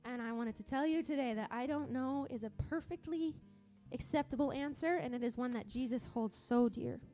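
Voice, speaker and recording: Woman preaching in church, kinda high but mellow voice, earnest and chatty, soft guitar in the background. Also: moderate pace. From Montana, USA. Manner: earnest, conversational, with frequent restarts. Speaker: pastor. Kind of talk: sermon. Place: church service.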